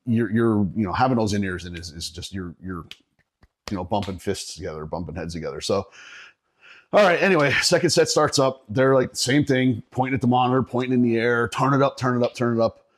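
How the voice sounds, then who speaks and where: A man's voice: mid-range voice, fairly quick. A middle-aged man from Northeastern Pennsylvania, a podcast guest telling a profane story in casual chat, laughing often.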